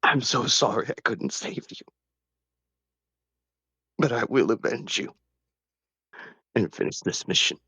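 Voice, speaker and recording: A man's voice: mid-range voice, animated, unhurried, pauses often, pushed and bright, husky, dry recording, pitched above the performer's own voice, exaggerated voice. A man playing a grieving male warrior bound by an oath, talking in a tearful, pleading way. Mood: solemn.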